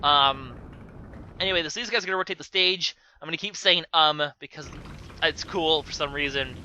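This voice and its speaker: A man's voice: a little high, normal speed, pushed and bright, a little hiss or hum. Rambling young man commenting on a game. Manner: rambling, sarcastic asides, lots of fillers. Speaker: let's play commentator. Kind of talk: casual gameplay commentary.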